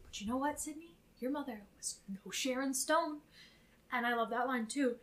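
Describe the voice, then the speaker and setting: A young woman co-hosting a podcast, casually recapping a film in an animated, profane way. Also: high voice, normal speed. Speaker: podcast co-host.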